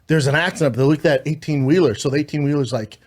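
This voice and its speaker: A man hosting a podcast, retelling a story in an emotional, profane, animated way with acted quotes. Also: a little high, racing. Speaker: podcast host.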